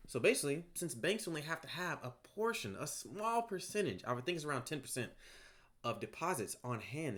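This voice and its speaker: Fast-talking man explaining off the cuff. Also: medium pitch, a bit bright. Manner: rambling, conversational, with frequent "right?" asides. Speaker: online course creator. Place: home, by a bed.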